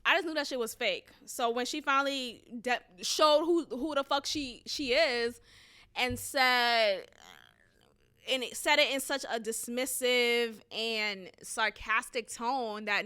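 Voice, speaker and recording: A woman's voice: on the high side, a little slow, pushed and bright, clean tone. A woman in her thirties hosting a podcast, telling a story in a candid, rambling chat and talking straight to her listeners. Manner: candid and chatty, rambling with restarts, addresses listeners as "y'all". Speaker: podcast host. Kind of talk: casual storytelling monologue.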